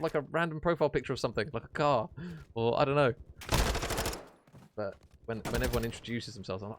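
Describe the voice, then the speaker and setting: A man casting an esports match on stream, chatty and jokey, chatting warmly with his viewers. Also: mid-range voice, quick pace, noisy background. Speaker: esports caster. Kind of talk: casual stream commentary reading chat.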